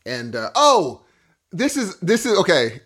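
Man, podcast co-host, thirties, animated slangy chat, lively pitch, upbeat. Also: a little slow, slightly rough. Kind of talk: casual chat.

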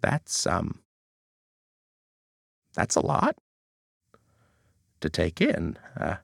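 A woman co-hosting a comedy podcast, deadpan in her sketch banter, then breaking out into loud excited shouting. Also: a bass voice, extremely slow, gravelly, pauses often, husky, no room sound, studio quality.

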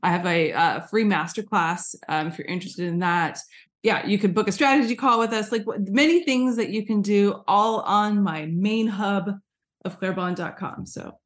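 A woman's voice: medium pitch, moderate pace. Woman, American accent, casual interview guest, chatty, filler-heavy, video call mic. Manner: chatty, frequent "like" fillers, emphatic asides. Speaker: guest, branding agency founder.

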